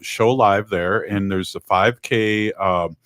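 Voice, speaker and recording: Deep-voiced male radio host. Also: a bit bright, smooth, dry recording, clean studio sound. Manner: rambling, halting with fillers and restarts. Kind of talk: casual radio chat.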